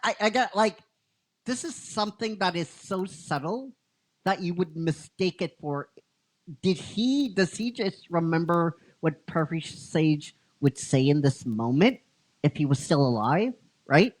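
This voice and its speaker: A man's voice: on the high side, expressive, measured pace. A man casually retelling a fan-written story, rambling, laughing often and teasing his cohost. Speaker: storyteller narrating a fan script.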